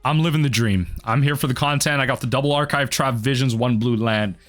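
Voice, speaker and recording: A man commentating his own card game match for a video, muttering quietly at times and then bursting into excited yells. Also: a little fast, faint music behind. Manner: mutters low then erupts into excited yelling. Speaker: gaming video host.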